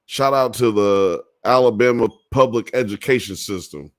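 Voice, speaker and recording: A man's voice: on the low side, moderate pace, no room sound, clean studio sound. A man hosting a live podcast, reading chat comments aloud in a rambling, profane way and laughing often. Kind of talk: casual live-stream chat.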